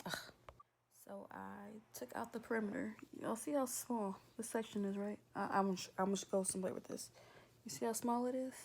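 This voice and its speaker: A woman's voice: mid-range voice, normal speed, vocal fry. A young woman telling a casual, exasperated storytime in a vlog. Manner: animated, exasperated and talkative. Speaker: vlogger.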